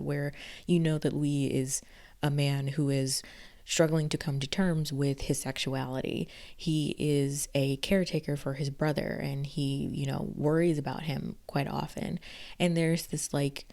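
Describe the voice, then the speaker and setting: A woman's voice: low voice, darkish tone. A woman from the South, reviewing a TV series in a casual, gushing vlog. She talks emphatically, repeats her praise and says "like" often. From Southern United States. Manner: gushing and emphatic, leans heavily on "like".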